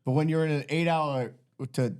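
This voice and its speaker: Podcast host man, a bit high. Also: moderate pace, darkish tone, smooth. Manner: prompting the guest to tell stories. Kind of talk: casual chat.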